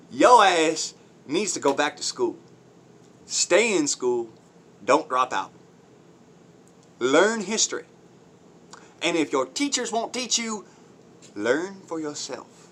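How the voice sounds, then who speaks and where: A man's voice: a little high, bright, forceful tone. A man ranting on his own channel in blunt, crude, mocking commentary, swearing heavily, using folksy slang and laughing between points. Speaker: vlogger.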